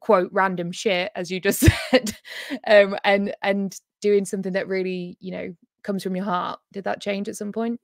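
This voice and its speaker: A woman's voice: mid-range voice, little pitch movement, normal speed, gravelly, no room sound, studio quality. A woman hosting an interview over a video call; she is encouraging, laughs often and talks casually. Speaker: host.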